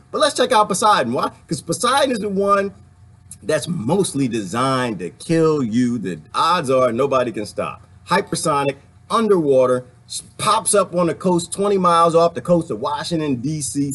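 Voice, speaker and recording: Vlogger man, husky and fairly high, animated preachy rant to camera. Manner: animated, preachy, talks straight to the audience. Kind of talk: ranting commentary to viewers.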